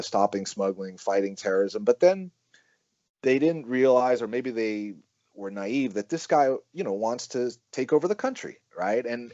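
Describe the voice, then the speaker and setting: A man, a researcher being interviewed on a podcast, explaining in a measured, analytical way with frequent "um" and "you know" and the odd "right?". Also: on the low side, darkish tone, dry recording, dull audio. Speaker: researcher and author, interview guest.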